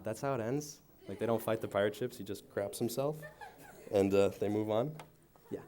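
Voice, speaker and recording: A young man giving a youth sermon, telling a joke story with acted-out voices before praying and reading. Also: mid-range voice. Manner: animated storytelling, acting out voices. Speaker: youth pastor. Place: church youth service.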